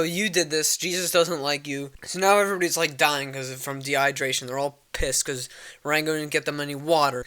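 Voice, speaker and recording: A man's voice: fairly high pitch, pushed and bright, clear, resonant tone. A young man casually recapping a movie plot, rambling with lots of fillers and swearing. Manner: rambling, filler-heavy and profane. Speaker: vlogger.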